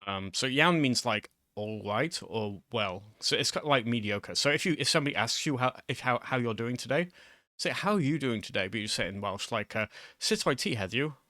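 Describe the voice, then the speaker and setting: Man talking through a quiz, bright voice, dry close mic, rambling, self-mocking. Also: medium pitch, animated, fairly quick, no room sound. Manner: rambling, many fillers and restarts. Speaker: YouTuber teaching Welsh. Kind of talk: casual screen-share commentary.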